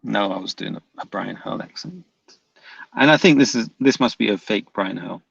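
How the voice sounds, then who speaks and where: A man with a gravelly, creaky voice who reads out stream chat and answers it in a dry, unbothered way. His mic sounds dull and lo-fi, and the sound is dry and close. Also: lowish voice, lively intonation, normal speed, fairly bright tone, no echo. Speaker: livestream host. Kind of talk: reading chat comments aloud on a stream.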